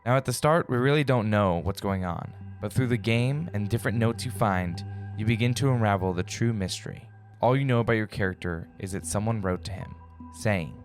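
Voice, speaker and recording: Man, lowish voice, put-on creepy hushed narration, slow and drawn out, faint music behind. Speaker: game reviewer. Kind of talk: scripted narration.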